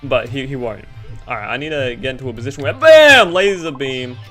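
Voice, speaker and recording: A man's voice: mid-range voice, steady tone, fast talker, fairly bright tone. A young Australian man giving rambling, goofy and self-deprecating gameplay commentary over faint game music. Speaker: gaming YouTuber.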